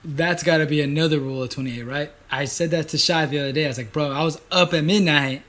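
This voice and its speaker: This podcast co-host is a young man whose fairly high voice moves at a quick pace. In casual conversation he tells stories with energy and slang, voicing what others said.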